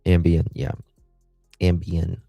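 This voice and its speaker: A man's voice: low-pitched, monotone, slow pace, vocal fry, mellow, dry recording, soft background music. A man hosting a casual livestream. He rambles in a chatty way and talks back to viewers' comments. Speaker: livestream host.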